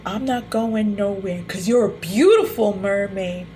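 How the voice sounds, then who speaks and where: A woman's voice: medium pitch, unhurried, few pauses, dark tone, a little hiss or hum. A woman spiritual healer speaking soothing, repetitive reassurance during a live-streamed healing session.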